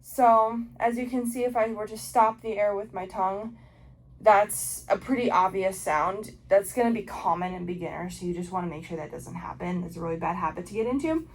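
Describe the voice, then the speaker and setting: A woman's voice: medium pitch, a little fast, slight background noise, rough recording. Young woman casually teaching oboe technique. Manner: casual explaining with frequent ums and likes. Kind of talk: instructional video lesson.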